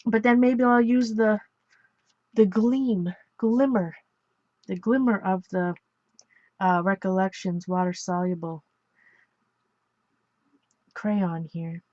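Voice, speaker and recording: A woman's voice: medium pitch, steady tone, takes it slowly, long pauses, a little mellow, no echo, muffled recording. A woman from Ontario chatting casually and rambling while she works on an art journal page, laughing often and correcting herself. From Ontario, Canada. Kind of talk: casual chat while crafting.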